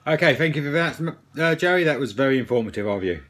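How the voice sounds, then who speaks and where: A man's voice: medium pitch, lively intonation, fast talker. Dry, offhand mock news host man. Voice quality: offhand, dry, reads out shout-outs. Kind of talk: joke news bulletin.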